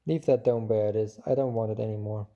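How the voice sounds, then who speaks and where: A man voicing a proud, gentle flower girl. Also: fairly low pitch, steady tone, quick pace, muffled recording, close to an everyday voice. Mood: tender, proud. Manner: soft and gentle, with a proud edge. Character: proud, delicate female flower, tender and stubborn.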